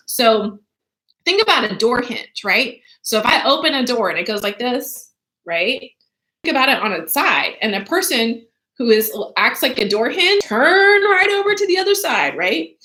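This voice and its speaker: Chatty woman teacher, lively pitch, reading aloud to kids. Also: normal speed. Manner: animated, chatty, asks the listeners questions. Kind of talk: reading a book aloud for children.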